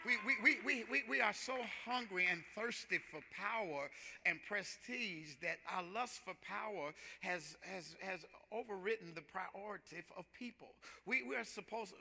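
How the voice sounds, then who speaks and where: A man's voice: sits high, normal speed, vocal fry, sharp tone, slight background noise. A male pastor, preaching a sermon with rhythmic repetition and building intensity. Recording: long hall reverb.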